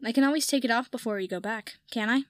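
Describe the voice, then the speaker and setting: A woman's voice: a little high, quick pace, no echo, close to an everyday voice. Woman reading a dry, teasing young wizard. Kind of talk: audiobook fan fiction reading.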